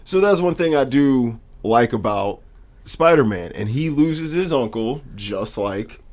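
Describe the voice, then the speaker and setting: A man's voice: mid-range voice, measured pace. A man co-hosting a podcast, chatting casually and enthusiastically about movies. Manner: enthusiastic, animated fan talk. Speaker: podcast co-host. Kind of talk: casual chat.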